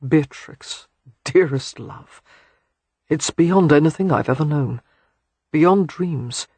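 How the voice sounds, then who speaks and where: A narrator giving voice to a gentle young man in love, murmuring in a hushed, low, breathy voice close to the mic. His husky softness stays intimate and unhurried, a romance reading with a dry, close sound. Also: no echo. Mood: tender murmur. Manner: soft, murmured, low delivery.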